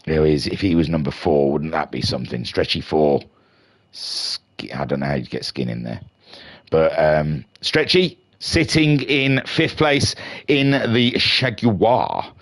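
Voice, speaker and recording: A man's voice: rumbling low, a little slow. A man giving playful, jokey live commentary on a sim racing league from home. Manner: playful, jokey, builds to excited shouting at the start. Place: home room.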